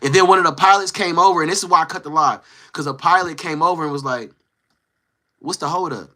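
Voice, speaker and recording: Brief: slangy male storyteller, voice a bit high, sharp and forceful, acts out others' lines. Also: fast. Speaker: live-stream host. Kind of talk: casual storytelling.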